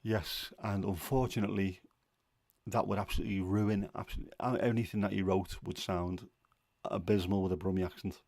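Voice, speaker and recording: Chatty man, low dry voice. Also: steady tone, brisk, vocal fry, a little mellow, no room sound. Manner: chatty, opinionated, rambling with fillers. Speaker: livestream host. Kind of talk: casual livestream chat.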